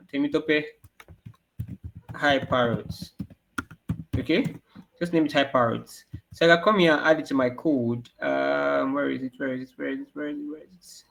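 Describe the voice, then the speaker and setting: A programming teacher with a creaky but fairly bright medium-pitched voice teaches children coding online. He repeats questions for the kids to answer and ends up answering them himself.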